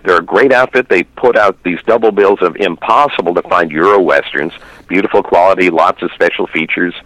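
A middle-aged man with a low, slightly bright voice phones in as a guest and western film reviewer, chatting eagerly and fairly quickly about westerns, full of fillers and restarts. The casual chat comes through a dry, rough recording.

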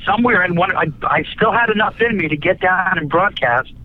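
A man spinning long, folksy anecdotes as a guest, slightly high-voiced and full of "uh"s and restarts. He curses casually. The audio is dull and lo-fi, like a call line. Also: expressive, brisk, slight background noise. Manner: folksy, many fillers and restarts, breezy cursing. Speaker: guest, radio broadcaster and author. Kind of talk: rambling anecdotal storytelling.

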